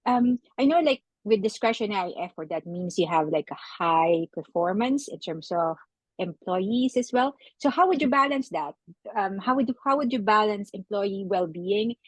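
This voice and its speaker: A woman's voice: medium pitch, expressive, normal speed, no echo, low-quality recording. A woman interviewer asking a hesitant question in conversation, with fillers like "um" and "like". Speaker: podcast interviewer.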